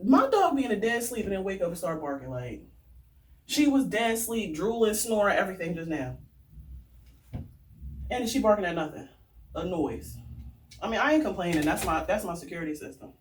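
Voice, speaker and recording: A woman vlogger telling stories and ranting in a casual, animated way, swearing freely. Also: mid-range voice, normal speed, long pauses, recorded from a distance, slight background noise. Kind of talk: casual storytelling rant.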